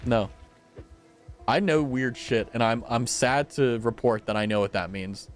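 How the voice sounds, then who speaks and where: A young man streaming a game, chatting casually with his viewers, animated and blunt, swearing freely. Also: medium pitch, measured pace, faint music behind. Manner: animated, swearing, talks to chat. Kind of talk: casual live-stream chat.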